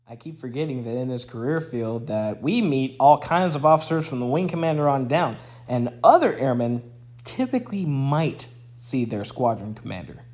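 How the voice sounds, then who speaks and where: Lively young man telling stories. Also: normal speed. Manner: animated, playful, pitch jumps up for quoted voices. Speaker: veteran storyteller. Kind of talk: casual spoken storytelling.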